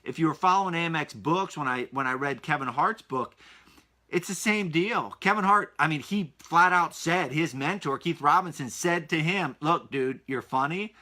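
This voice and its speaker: A man hosting a solo podcast, recapping books and an interview with energetic, emphatic delivery and repeated key phrases. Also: a little high, normal speed. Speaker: podcast host.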